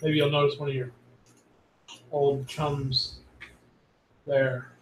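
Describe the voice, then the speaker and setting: A man's voice: mid-range voice, flat delivery, slow. Male player, teasing and chatty, recorded far off in an echoey room. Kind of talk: casual tabletop game chat. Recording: roomy, distant mic with faint noise.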